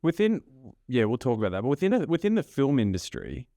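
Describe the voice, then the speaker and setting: A man's voice: medium pitch, very animated, quick pace, warm tone, no room sound, studio quality. A man with an Australian accent hosting a podcast, talking bluntly and casually, swearing easily while encouraging his guest. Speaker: podcast host.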